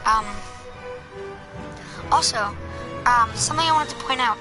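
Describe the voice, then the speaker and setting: A woman's voice: on the high side, measured pace. A woman giving casual gameplay tips over a headset, hesitant and full of ums and restarts. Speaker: gameplay commentator. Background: game music and sound effects.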